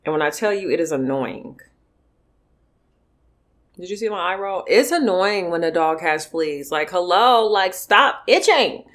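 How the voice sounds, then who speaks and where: A woman's voice: fairly low pitch, animated, a little slow, long pauses. A young woman from California talking bluntly and emphatically to her viewers while eating on camera. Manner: blunt, emphatic, talks between bites. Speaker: mukbang vlogger. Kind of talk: casual eating vlog chat.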